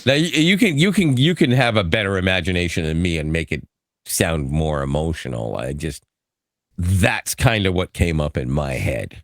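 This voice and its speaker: A man with a very low voice that swings widely in pitch. He chats in a loose, rambling way on a close broadcast dynamic mic with a dry sound. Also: expressive, normal speed, no echo. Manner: rambling, with fillers and self-restarts, often laughing. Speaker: podcast co-host. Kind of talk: casual podcast chat over a call. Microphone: broadcast dynamic microphone.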